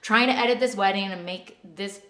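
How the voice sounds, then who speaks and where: A woman's voice: medium pitch, fairly quick. Woman, podcast co-host, chatty, filler-heavy storytelling, roomy echo. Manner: chatty, many "like" fillers, animated retelling. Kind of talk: casual storytelling chat. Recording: echoey room.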